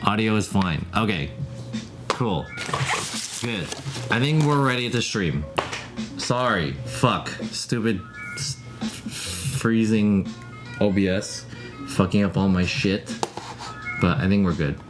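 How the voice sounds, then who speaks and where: A man's voice: fairly low pitch, animated, slow pace, long pauses. A man live streaming from home, chatting casually, rambling and swearing as he answers his viewers. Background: music playing.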